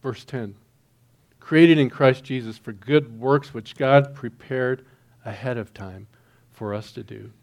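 A middle-aged man preaching a sermon, telling a personal story and swinging between hushed, quiet stretches and loud, excited bursts. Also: mid-range voice, slow pace. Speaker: pastor.

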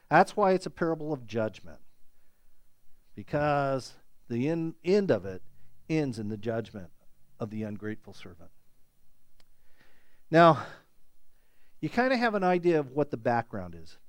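A pastor preaching a sermon, emphatic and animated, repeating words for stress. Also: male voice, medium pitch, measured pace, pauses often, no room sound.

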